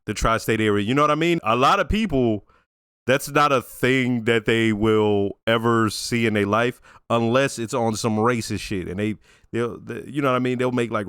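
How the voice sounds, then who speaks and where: A man's voice: fairly low pitch, fairly bright tone, clean tone, no room sound, clean studio sound. A man casually reacting to a TV episode, chatty and profane, laughing easily. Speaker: reaction video host.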